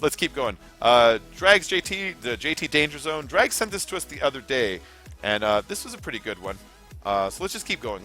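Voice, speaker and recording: A man's voice: mid-range voice, sharp tone. A young man hosting a casual gaming livestream, rambling, swearing freely and answering chat as he plays.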